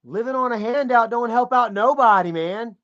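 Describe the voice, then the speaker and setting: Man, high voice, profane heated rant, straight-to-camera commentary, dull lo-fi audio. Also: moderate pace, fairly bright tone. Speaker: commentary vlogger. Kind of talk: ranting commentary while browsing online. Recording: dull lo-fi sound.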